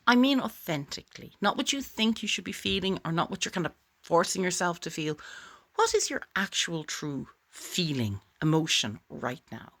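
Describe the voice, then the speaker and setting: A woman explains a voice exercise straight to camera in a chatty, encouraging tone. Her voice sits a little low, but her pitch swoops up and down a great deal. She sounds like a warm coach rooting for her students. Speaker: author teaching voice exercises. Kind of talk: direct-to-camera tutorial.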